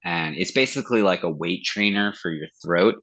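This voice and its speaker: A man's voice: low-pitched, animated, moderate pace, vocal fry, a bit bright, poor audio. A man who sings in a metal band, talking casually as a podcast guest, swearing freely and acting out quoted conversations. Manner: loose and profane, acts out quoted dialogue. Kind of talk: casual interview chat.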